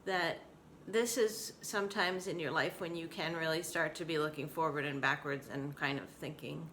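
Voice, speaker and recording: A woman in her forties talks openly to the camera at home in a casual vlog. Her voice sits a bit low but sounds bright and crisp, and her manner is candid and emotional. A faint hiss sits behind her. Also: fairly even intonation, normal speed. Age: 40s. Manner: candid, emotional, laughing often. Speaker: vlogger. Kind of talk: casual personal vlog talk.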